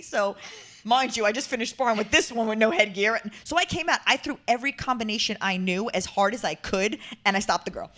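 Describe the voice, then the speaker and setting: A woman hosting a podcast, telling an animated, laughing story about her old boxing days. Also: medium pitch, quick pace. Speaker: podcast host and former boxer. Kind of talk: casual storytelling chat.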